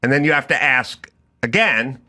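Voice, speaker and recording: A man's voice: mid-range voice, lively intonation, moderate pace, sharp tone. A middle-aged man hosting a talk show, telling a comedic story and acting out both sides of the conversation. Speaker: podcast host.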